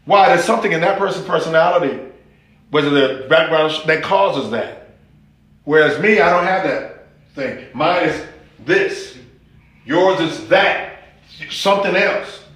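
A man's voice: fairly high pitch, expressive, unhurried, long pauses, a bit bright, very echoey. A man preaching a sermon as pastor, folksy and humorous, with rising exclamations.

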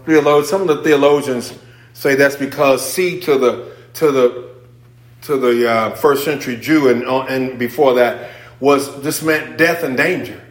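A man preaching a sermon in church. He swings between hushed asides and near-shouted emphasis, with casual remarks to the congregation. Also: medium pitch. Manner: informal, conversational asides with the congregation. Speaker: pastor. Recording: echoey church room.

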